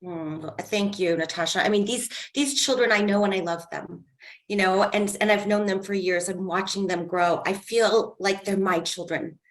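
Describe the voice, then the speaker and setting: A woman's voice: medium pitch, steady tone, moderate pace. A woman guest author on a podcast, speaking in a heartfelt, earnest way. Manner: heartfelt, earnest, faith-driven. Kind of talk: casual interview chat.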